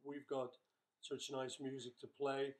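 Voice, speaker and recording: A man's voice: mid-range voice, monotone, measured pace. An older man, a rock musician, chatting casually with his bandmates in a webchat, joking and rambling with plenty of fillers. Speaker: rock musician answering fan questions.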